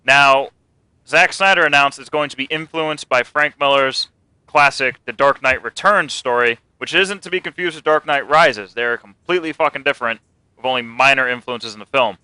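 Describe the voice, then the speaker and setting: A man's voice: medium pitch, normal speed, sharp tone, clean tone, no echo, poor audio. A man co-hosting a casual comic and movie news show, rambling, joking and swearing. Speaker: podcast co-host.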